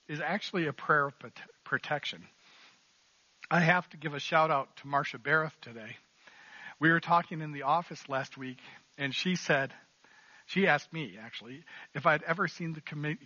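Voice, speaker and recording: A man's voice: fairly high pitch, pushed and bright, no echo, muffled recording. A man preaching a sermon in an earnest, emphatic way, repeating key phrases. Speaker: pastor.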